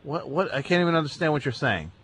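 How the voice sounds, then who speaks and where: A man's voice: on the high side, fast, a little hiss or hum. Radio host guy taking calls, lots of ups and downs in his voice, teasing and pleading. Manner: teasing, then pleading to calm a caller. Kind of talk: call-in radio show.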